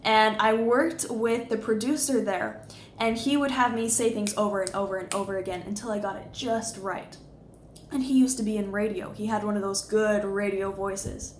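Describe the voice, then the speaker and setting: A woman's voice: medium pitch, reverberant, slight background noise. A woman communication coach, explaining and modeling voice inflection in a conversational video lesson.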